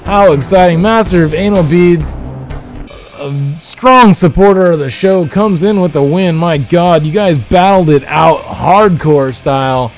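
A man hosting a livestream, giving excited, profane play-by-play wrestling commentary with loud calls. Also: fairly high pitch, measured pace, faint music behind. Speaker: livestream host.

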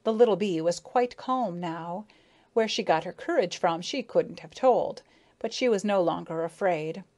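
A woman's voice: fairly low pitch, unhurried, darkish tone. Woman reading a storybook aloud. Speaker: audiobook narrator. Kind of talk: scripted storybook narration.

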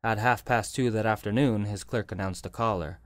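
A man reads a story aloud in a measured, scripted audiobook manner. His voice sits low and steady. The close studio recording is dry with no room sound. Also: no echo. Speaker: audiobook narrator. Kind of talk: scripted narration.

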